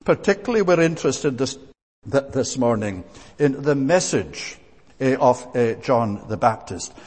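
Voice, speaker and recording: A man's voice: medium pitch, expressive, measured pace, darkish tone. A man preaching a sermon, earnest and emphatic, with frequent "eh" fillers and restarts. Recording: long hall reverb.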